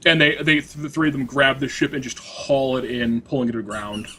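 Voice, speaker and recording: A man's voice: medium pitch, little pitch movement, pushed and bright, a little hiss or hum. A man running a tabletop role-playing game as game master, narrating with many restarts and fillers. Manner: halting, filler-heavy narration.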